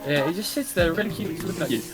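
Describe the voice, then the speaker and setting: Young guy, deadpan rambler, a bit high-pitched, music bed behind. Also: very fast. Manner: rambling, stumbling, deadpan with dark jokes. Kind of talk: casual chat.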